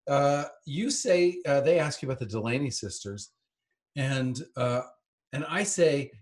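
A man's voice: medium pitch, animated, unhurried, darkish tone. A middle-aged man co-hosting a casual rewatch podcast, wry and teasing as he recalls working on the show. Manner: wry, teasing, drops into playful mock voices. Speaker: podcast co-host and former series actor.

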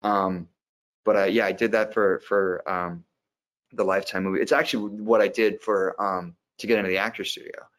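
Deep-voiced actor musing at length. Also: male voice, fairly even intonation, moderate pace, fairly bright tone. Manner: reflective, explains at length. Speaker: actor, interview guest. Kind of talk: conversational interview answer.

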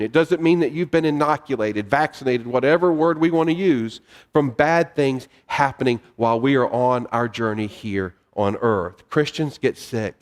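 A male pastor preaching a sermon with measured pauses and repetition in a church sanctuary. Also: fairly high pitch. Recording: long reverb of a hall.

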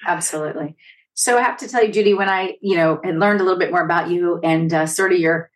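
A woman's voice: lowish voice, far from the mic. A woman hosting a podcast interview, affirming her guest and asking questions with casual fillers. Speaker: podcast host.

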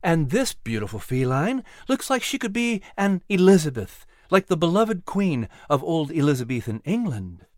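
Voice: medium pitch, very animated, normal speed, hardly any pauses, dry recording, clean studio sound, voice pushed up, close to an everyday voice. Narrator doing a sly, genteel courier. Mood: genial. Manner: sly, leisurely and gentlemanly. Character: courteous colonial courier, genial man. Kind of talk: audiobook character voice.

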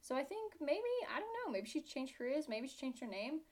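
A young British woman co-hosting a chatty podcast, her accent wandering toward Australian. She talks in a fairly high voice, joking and sarcastic, and breaks into giggles easily. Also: very animated, fairly quick, a little mellow. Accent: British English, drifting toward Australian. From Britain. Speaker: podcast co-host. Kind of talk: casual chat.

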